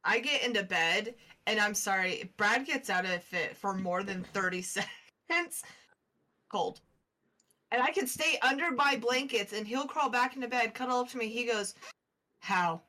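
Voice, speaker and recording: A woman's voice: fairly high pitch, moderate pace, bright, forceful tone. A woman chatting casually, joking with a wry and crude sense of humor. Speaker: podcast co-host. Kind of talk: casual chat.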